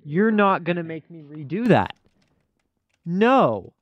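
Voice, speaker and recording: A young man casually commenting on his own gameplay, thinking aloud, stammering and getting excited. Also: on the high side, slow pace, no room sound, dull audio. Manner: talks to himself, stammers, excitable. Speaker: gaming YouTuber. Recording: dry close sound with keyboard typing.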